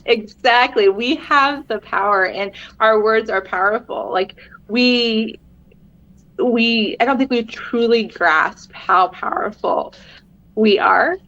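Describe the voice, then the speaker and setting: A woman's voice: medium pitch, a bit bright, no echo, muffled recording. A middle-aged woman, a podcast guest, talking earnestly and encouragingly in casual conversation, laughing often.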